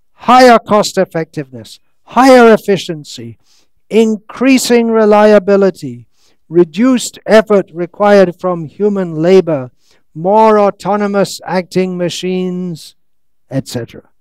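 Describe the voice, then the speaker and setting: A man giving a scriptural lecture, reading out quotes slowly and breaking into sarcastic, ironic asides. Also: sits high, expressive, clean tone, no room sound. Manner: reads quotes slowly, stretches words. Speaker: monk lecturer. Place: lecture hall in India.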